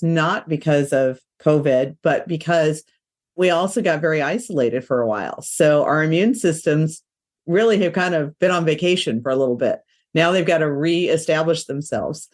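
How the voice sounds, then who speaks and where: A woman's voice: low-pitched, moderate pace, a little mellow. Enthusiastic, slightly nasal woman podcast host. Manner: enthusiastic, chatty. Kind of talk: podcast interview.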